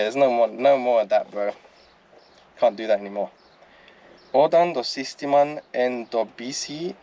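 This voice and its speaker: A man casually explaining traffic rules in a video, blunt and profane, haltingly reading out Greek text and translating it. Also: medium pitch, dark tone.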